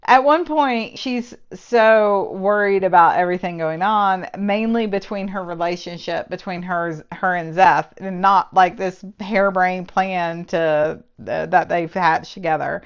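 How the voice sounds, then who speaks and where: A woman's voice: lowish voice, measured pace, hardly any pauses, clear, resonant tone, dull audio. Sarcastic woman reviewing a book. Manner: sarcastic, exasperated. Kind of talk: casual book review chat.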